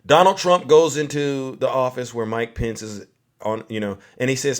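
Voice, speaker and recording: A man's voice: mid-range voice, steady tone, normal speed. A man doing a political comedy rant, mocking his targets and acting out little scenes. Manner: mocking, acts out scenes in put-on voices.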